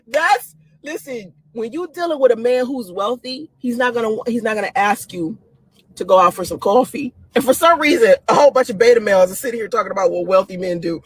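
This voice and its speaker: A woman chats excitedly on a stream, breaking into laughs and high swoops. Her voice is fairly high with a husky edge. The sound is dry and close. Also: quick pace, dry recording. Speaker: live-stream host giving dating opinions. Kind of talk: casual live-stream talk.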